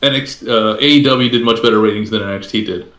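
A man's voice: lowish voice, quick pace, fairly bright tone, reverberant. A man co-hosting a casual podcast, rambling and filling gaps with "you know". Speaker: podcast co-host. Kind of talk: casual chat.

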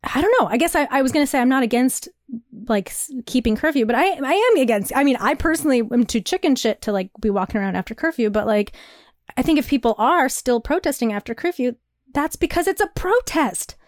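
Chatty young woman, rambling and animated. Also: sits high, brisk, no echo, clean studio sound. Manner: rambling, animated, laughs often, lots of "like". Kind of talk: casual chat. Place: New York.

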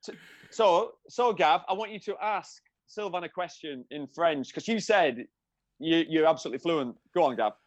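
A male host who teases his guests and jokes around. His voice sits a little high. The sound is dry and close. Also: normal speed, no echo, lo-fi sound. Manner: jokey, teasing. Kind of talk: casual interview chat.

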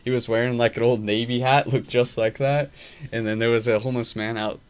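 A man's voice: medium pitch, flat delivery, a little fast, clean tone. A young man hosting a podcast, telling a loose, profane story full of fillers in casual chat. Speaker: podcast host. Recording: faint background noise.

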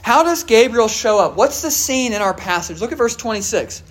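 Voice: mid-range voice, expressive, normal speed. A preacher giving a sermon in a conversational way, asking the listeners questions and often saying "all right" and "uh". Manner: many fillers like "all right" and "uh".

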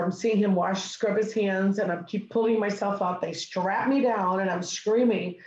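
A middle-aged woman telling a personal story as an interview guest, animated and acting out what people said. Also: medium pitch, moderate pace, few pauses, highs cut off, a little hiss or hum. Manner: animated, acts out dialogue. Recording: echoey room.

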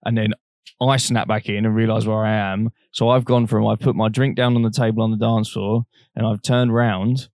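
A young man with a low-pitched voice tells a long personal story in a relaxed, frank way. He swears freely and slips into the voices of the people he quotes. The sound is dry and close, with no room echo. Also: moderate pace. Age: young adult. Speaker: podcast co-host. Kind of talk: casual storytelling chat.

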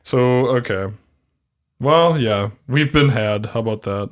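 Excitable man playing a tabletop game. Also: mid-range voice. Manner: excitable and jumpy, quick reactions. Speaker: player. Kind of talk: casual tabletop game chat.

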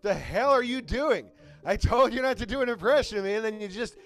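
Man doing exasperated drawling middle-aged comedian, pitched high, loud. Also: expressive, brisk, faint music behind. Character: impression of a gruff middle-aged male comedian.

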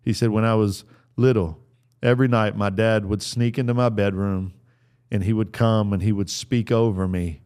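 A man's voice: lowish voice, steady tone, moderate pace, a little mellow, smooth. A middle-aged man giving an earnest, sermon-style talk on fatherhood, repeating his phrases for emphasis. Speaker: speaker on fatherhood.

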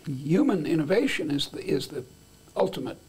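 A man's voice: on the high side, very animated, moderate pace, a little mellow, breathy edge. An older man as an interview guest, talking in a rambling, playful way with many restarts. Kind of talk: conversational interview.

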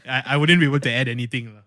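A man's voice: mid-range voice, fairly bright tone, dry recording, clean studio sound. A man with a Malaysian English accent, hosting a casual podcast chat and telling stories with enthusiasm. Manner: chatty, enthusiastic storytelling. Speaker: podcast host.

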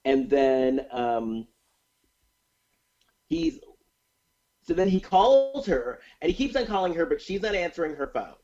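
A man's voice: a little high, a little slow, pauses often. Guy retelling a movie plot on a podcast, voice jumps all over, kinda muffled lo-fi sound. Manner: animated retelling of a plot, with many fillers and restarts. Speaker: podcast co-host recapping a movie. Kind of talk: casual chat.

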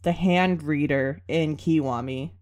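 A woman in casual chat about a video game, thoughtful and measured, getting high and giggly when amused. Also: a little mellow. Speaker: co-host discussing a video game.

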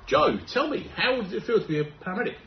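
A man's voice: very high-pitched, sing-song, fast, vocal fry. An English man, a paramedic, keeps restarting a scripted announcement while he tries not to laugh. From England. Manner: fighting giggles, restarting lines. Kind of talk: filming a public service announcement. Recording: dull lo-fi clip played over radio with faint noise.

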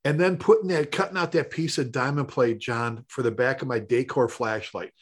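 A middle-aged man, a firefighter and paramedic, telling rambling, animated stories in casual conversation. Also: mid-range voice, normal speed, husky. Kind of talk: conversational storytelling.

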